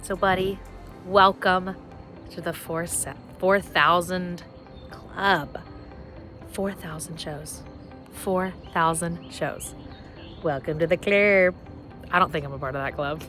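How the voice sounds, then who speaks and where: A woman speaks slowly in a bright, forward voice as she records a heartfelt video message. Her tone is tender and a little emotional, and she repeats her words for emphasis. Faint music plays underneath. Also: fairly low pitch, steady tone.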